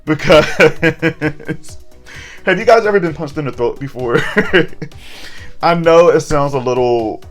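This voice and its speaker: A man's voice: fairly high pitch, slow pace, faint music behind. A young adult man chatting candidly through a casual recap, with joking asides. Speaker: horror TV recap vlogger.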